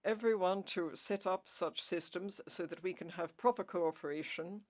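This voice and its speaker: A woman ambassador giving a formal conference speech, deliberate, stressing key words and pausing often with "uh". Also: on the low side.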